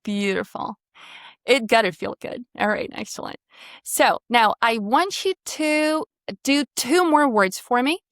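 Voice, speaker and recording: A woman coaching pronunciation on a video call, demonstrating sounds and drifting into vocal fry at phrase ends. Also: fairly high pitch, unhurried, a bit bright, no room sound, clean studio sound. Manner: encouraging, demonstrative, drills sounds. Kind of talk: online one-on-one pronunciation lesson.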